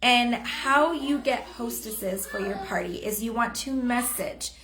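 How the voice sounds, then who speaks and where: A woman's voice: a little high, a little slow, roomy sound, a little hiss or hum. A woman in her thirties giving a chatty, upbeat sales training live from her home, often acting out sample messages. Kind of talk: live-stream training talk. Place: home room. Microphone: phone or webcam on a live stream.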